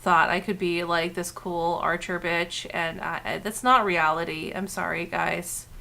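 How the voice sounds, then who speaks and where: A woman voicing a defeated, self-pitying young woman archer, speaking low and quiet in a sulky mumble. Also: fairly even intonation, unhurried, creaky, full character voice.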